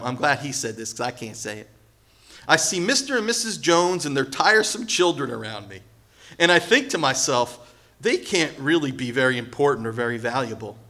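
A man preaching a sermon in a lively, conversational way, acting out quotes and building to loud emphasis. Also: mid-range voice. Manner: animated, acts out quotes, jokes, rises to loud emphasis. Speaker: pastor.

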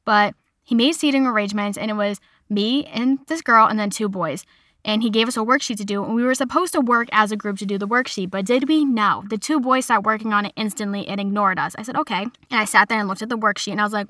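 A young woman in her twenties telling a casual personal story in a chatty, animated way, quoting other people as she goes. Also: medium pitch, quick pace, no echo, clean studio sound. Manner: chatty, animated retelling with quoted voices.

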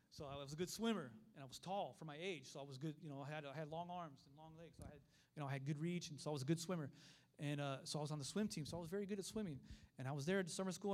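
A middle-aged man with a fairly high voice preaches a sermon, telling stories animatedly and acting out the voices of the people in them.

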